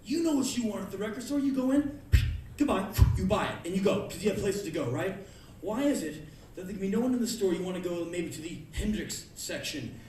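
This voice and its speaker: A man in his early thirties giving a live spoken word monologue on stage, ranting in sudden shouted bursts of rage. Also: high-pitched, lively intonation, brisk. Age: early 30s. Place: music club on stage. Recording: echoey club from far off, crowd noise. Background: audience laughter.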